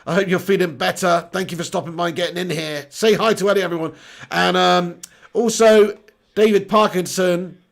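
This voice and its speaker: A man talks through a live football match for his viewers, reading their comments and swearing casually. His voice sits high for a man and has a rough, gravelly edge. When a chance comes he jumps into fast, excited play-by-play. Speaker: watch-along host.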